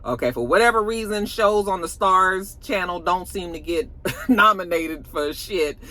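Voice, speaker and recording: Brief: expressive YouTube reviewer, bright, forceful voice, casual and profane recap. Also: mid-range voice, unhurried. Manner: animated, expressive, swears freely. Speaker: TV show reviewer.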